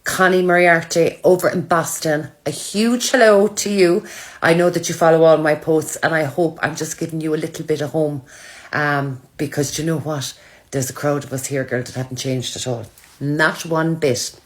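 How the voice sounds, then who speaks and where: A woman's voice: deep voice, fairly even intonation, normal speed. A woman chatting casually to her followers, telling self-mocking stories. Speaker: social media creator.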